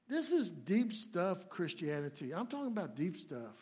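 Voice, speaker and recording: A man preaching a sermon as a guest speaker, folksy and plainspoken, swinging between loud, emphatic points and hushed asides. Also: sits high, big pitch swings, normal speed, hardly any pauses, slightly rough.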